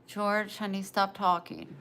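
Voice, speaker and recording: Slow-talking woman in her forties, livestreaming. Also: medium pitch, little pitch movement, fairly bright tone, slight background noise. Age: 40s. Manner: chatty, reads viewer comments aloud. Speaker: livestream host. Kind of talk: casual livestream chat.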